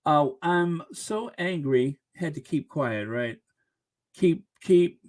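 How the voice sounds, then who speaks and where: A woman's voice: low voice, lively intonation, slow pace, darkish tone. A woman hosting a live stream, casually chatting and reading viewer comments with lots of laughter and exclamations. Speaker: livestream host reading super chats.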